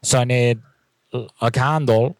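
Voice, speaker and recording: A man puts on a prank caller with a jumbled mix of foreign accents who speaks in broken English. He presses the same baffled questions over and over at a middle pitch. The voice is close and dry. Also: fairly even intonation, no room sound, lightly acted. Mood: insistent. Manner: halting, baffled, pushy questions.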